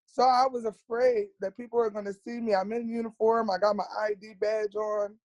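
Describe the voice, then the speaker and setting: A woman's voice: on the high side, little pitch movement, a little fast, darkish tone, dry recording, highs cut off. A woman, a nurse, talking as a podcast guest in a candid, earnest way and repeating words for emphasis. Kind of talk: candid personal storytelling.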